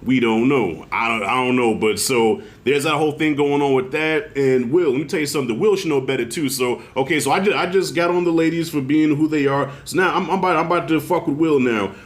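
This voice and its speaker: A middle-aged man giving a casual video review of a TV show, telling stories in a loose, profane, animated way. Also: on the high side, brisk, hardly any pauses. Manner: animated, profane storytelling with acted-out quotes.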